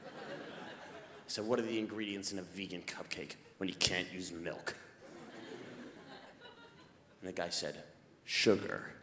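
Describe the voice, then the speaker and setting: A man telling stand-up stories, swinging from low muttering to yelling rants. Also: fairly even intonation, measured pace, pauses often. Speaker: stand-up comedian. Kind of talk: stand-up storytelling. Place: live comedy stage in a hall. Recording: echoey hall with background noise.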